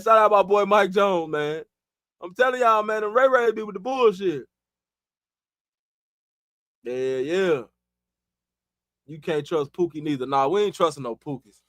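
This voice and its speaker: A man's voice: high voice, expressive, moderate pace, pauses often, fairly bright tone, no room sound, studio quality. A man from Chicago hosting a live stream, chatting loosely in profane street slang and laughing often. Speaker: livestream host. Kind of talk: casual live-stream chat.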